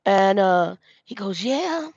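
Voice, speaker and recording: A woman's voice: mid-range voice, normal speed, dry recording, highs cut off. A woman telling a rambling, profane storytime to her camera, with lots of restarts. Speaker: vlogger. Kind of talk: casual storytime monologue. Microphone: self-filmed camera.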